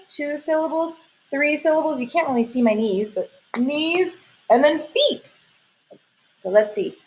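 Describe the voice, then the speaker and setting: A woman's voice: high-pitched, animated, normal speed, darkish tone, low-quality recording. A woman teacher leading a lesson for young children, sing-song and encouraging, stretching her words out.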